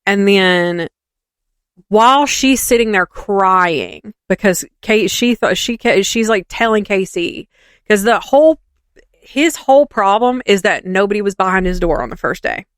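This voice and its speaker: A woman's voice: mid-range voice, a little slow, smooth, no room sound. A woman co-hosting a podcast, animatedly retelling a reality show in casual chat and acting out the quotes. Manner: animated gossipy storytelling, acts out quotes. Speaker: podcast co-host.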